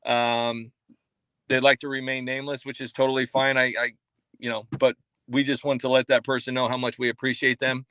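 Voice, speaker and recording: A man hosting a casual livestream from a coffee shop, reading chat names and rambling with many fillers and restarts in a self-mocking deadpan way. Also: medium pitch, a little fast, smooth, no echo.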